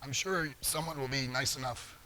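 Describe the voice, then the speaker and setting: A middle-aged man speaks live in a large conference hall, his mid-range voice bright and forceful at a normal speed. He jokes playfully with the audience throughout his talk.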